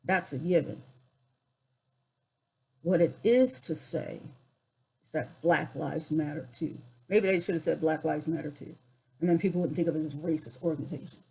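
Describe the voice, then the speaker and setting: A woman in her sixties telling personal stories in a vlog, reflective and unhurried, with pauses and restarts. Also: deep voice, gravelly, dark tone, breathy edge, poor audio. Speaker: YouTuber.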